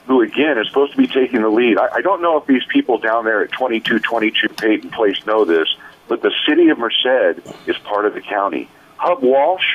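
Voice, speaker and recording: A man's voice: medium pitch, breathy edge. A man co-hosting a talk radio show, indignant and calling out local officials directly. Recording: muffled AM radio broadcast.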